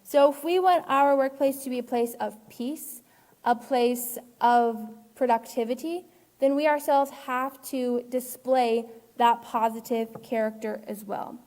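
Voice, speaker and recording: A woman's voice: a little high, fairly even intonation, measured pace, darkish tone, long reverb tail. A woman teacher giving an online character-education lesson in an earnest, encouraging way. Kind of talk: live online class lesson.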